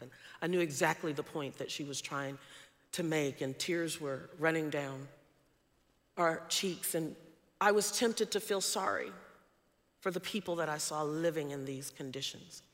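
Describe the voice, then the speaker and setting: A woman's voice: low voice, unhurried, long reverb tail. A woman preacher telling a personal story in a sermon, earnest and emphatic.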